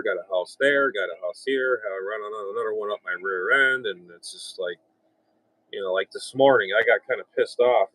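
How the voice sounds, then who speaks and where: A man's voice: lowish voice, fairly bright tone, no echo, low-quality recording. A man around fifty with a blunt, rambling way of talking, chatting casually on the radio from his home station. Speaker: radio operator and channel host.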